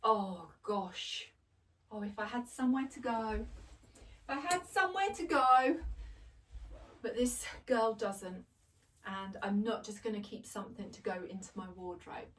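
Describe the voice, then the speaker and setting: Chatty woman, slow gushing vlog. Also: mid-range voice, recorded from a distance. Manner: chatty, gushing, self-deprecating, laughs often. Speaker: fashion vlogger. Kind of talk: casual try-on haul chat. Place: home, indoors.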